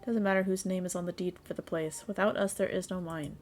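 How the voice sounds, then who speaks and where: A woman's voice: lowish voice, fairly even intonation, fast, darkish tone, a little hiss or hum, natural voice. A woman voicing a bitter adult male miner who wants a strike, speaking bluntly and cynically. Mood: defiant.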